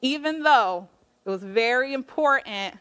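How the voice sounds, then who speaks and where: Woman preacher, casual sermon, chatty and slangy, voices her quotes, slightly high voice. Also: expressive, unhurried, fairly bright tone. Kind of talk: casual sermon retelling a Bible story.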